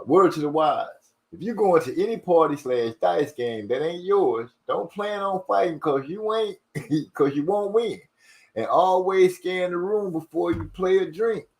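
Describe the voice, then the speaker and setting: Fast-talking man hosting a stream. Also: a little high. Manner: fast-talking, rushes and stumbles over words. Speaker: livestream host. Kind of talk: casual chat reading viewer comments.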